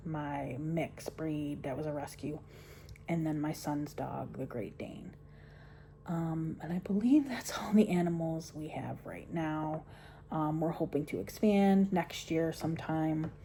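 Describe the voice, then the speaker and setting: A middle-aged woman vlogging from home while she crochets. She rambles in a chatty way and often trails off into soft mumbles. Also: sits low, slight background noise. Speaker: homestead vlogger. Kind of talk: casual chat while crocheting.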